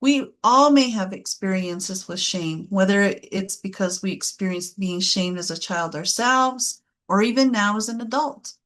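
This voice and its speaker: A woman's voice: medium pitch, measured pace, hardly any pauses, fairly bright tone. A woman facilitating a parenting class, leading the group with encouraging, upbeat praise.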